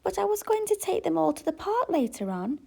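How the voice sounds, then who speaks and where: An exhausted mother answers gently and politely, her voice lifting and falling. A woman reads her part in a storybook. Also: very high-pitched, sing-song, brisk, vocal fry, pitched above the performer's own voice, heavily acted. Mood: weary. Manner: weary, polite. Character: tired, unwell mother longing for rest.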